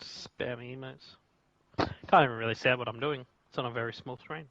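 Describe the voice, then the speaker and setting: A man's voice: mid-range voice, steady tone, moderate pace, fairly bright tone, dry recording. Man co-hosting over dull lo-fi audio. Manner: chatty, laughing often, teasing. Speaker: stream co-host. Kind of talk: casual live-stream chat and race commentary.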